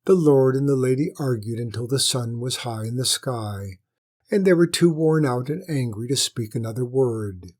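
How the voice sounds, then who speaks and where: A man reading a children's storybook aloud as narrator, in a measured, steady manner. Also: mid-range voice.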